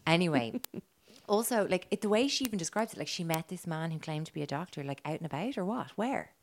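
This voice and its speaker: Low-voiced chatty woman podcaster. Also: lively intonation, quick pace. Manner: chatty, giggly, swears freely. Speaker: podcast co-host telling the story. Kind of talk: casual podcast chat.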